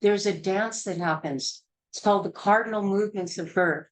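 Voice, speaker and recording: A woman's voice: mid-range voice, moderate pace, slight background noise, poor audio. A woman teaching a childbirth class in a blunt, emphatic, hard-hitting way. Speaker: childbirth educator.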